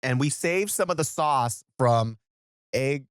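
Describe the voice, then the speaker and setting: Animated man roasting people over food. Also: medium pitch, slow, smooth, no room sound, clean studio sound. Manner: blunt, roasting, profane banter. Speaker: podcast co-host. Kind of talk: casual food podcast chat.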